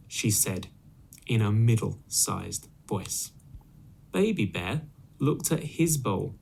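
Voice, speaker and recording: A man reading a children's story aloud, clearly and expressively, for English learners. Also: fairly low pitch, lively intonation, slow pace, darkish tone, slight background noise.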